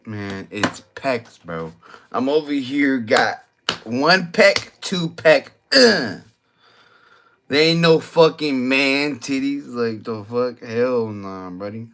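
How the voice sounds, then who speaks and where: A man's voice: mid-range voice, lively intonation, slow pace, fairly bright tone, a little hiss or hum. Young man, drawling and tipsy, crude late-night ranter. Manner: crude, slangy, argumentative, repeats himself. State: drinking, tipsy. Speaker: vlogger. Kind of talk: late-night rambling monologue.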